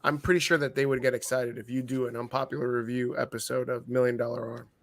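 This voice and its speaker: A man co-hosting a casual wrestling review show, animated and joking, swearing freely. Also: medium pitch, fast. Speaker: podcast co-host.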